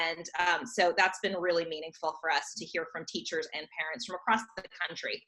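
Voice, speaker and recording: A woman's voice: on the low side, fairly even intonation, fairly quick, hardly any pauses, pushed and bright. A woman in her thirties from a children's theater company, chatting animatedly in an interview and laughing often. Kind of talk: casual remote interview chat.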